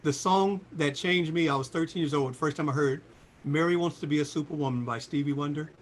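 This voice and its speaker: A man in his sixties telling stories as a guest in an interview, acting out the quotes in a lively voice. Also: a little fast. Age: 60s. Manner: lively storyteller, voices quotes with big pitch jumps. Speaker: singer and guest. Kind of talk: animated storytelling interview.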